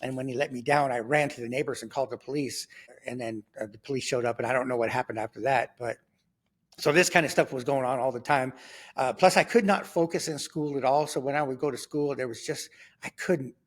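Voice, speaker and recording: Guy in his 60s telling old stories, loose and rambly, mid-pitched voice, jumps up high when he does other people's lines. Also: a little fast, breathy edge. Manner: animated storyteller who acts out the voices in his anecdotes; loose and rambling, full of fillers and restarts. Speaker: guest sharing his testimony. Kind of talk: personal life story told in conversation.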